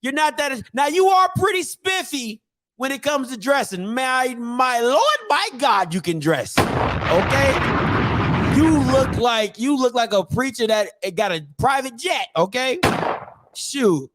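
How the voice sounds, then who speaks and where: A man hosting a sports commentary show, talking in a joking, animated way and repeating phrases for emphasis. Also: very high-pitched, measured pace, background noise. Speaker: show host.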